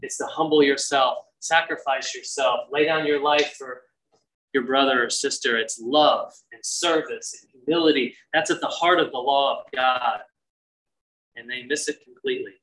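A pastor delivering an earnest, conversational sermon, his voice bright and forceful. He often sinks to a near-hush before rising again. He sounds somewhat far from the microphone. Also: medium pitch, normal speed. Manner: earnest, conversational preaching with sudden drops to a hushed voice.

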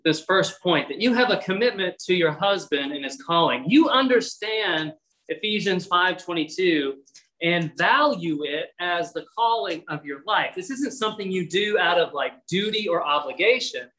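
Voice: mid-range voice, expressive, normal speed, pushed and bright, poor audio. A pastor preaching a sermon, reading scripture aloud and exhorting listeners earnestly with casual asides.

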